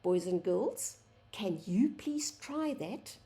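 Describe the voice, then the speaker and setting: A woman gives a children's phonics lesson, stretching out each sound and sweeping her voice up and down in a sing-song way. She talks very slowly and patiently, addressing the class directly. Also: mid-range voice, animated, warm tone. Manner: slow, sing-song, sounds out letters, addresses "boys and girls". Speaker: teacher.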